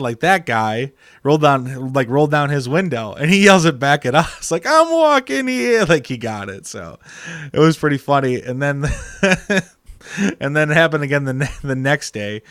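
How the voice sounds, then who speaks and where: A man's voice: mid-range voice, fairly bright tone, no echo, studio quality. A man hosting a live stream, telling a rambling casual story full of "like" and filler. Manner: rambling, heavy use of "like". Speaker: stream host.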